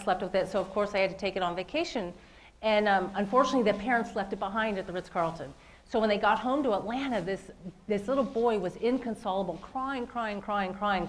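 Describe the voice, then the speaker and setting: A woman's voice: mid-range voice, low-quality recording. A woman giving a motivational keynote speech, speaking earnestly and directly to her listeners. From lives in Las Vegas.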